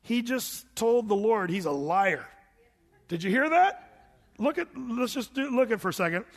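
A man's voice: extremely high pitch, normal speed, in a large hall. A middle-aged man preaching a verse-by-verse sermon, telling stories animatedly and acting out voices. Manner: animated storytelling with acted-out voices. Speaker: pastor.

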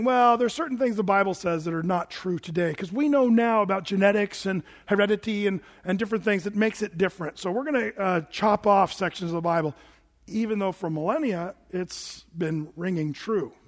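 Male pastor, high voice, emphatic sermon delivery, big echoing hall. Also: fairly quick. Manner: animated, emphatic preaching with quoted asides. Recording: long hall reverb.

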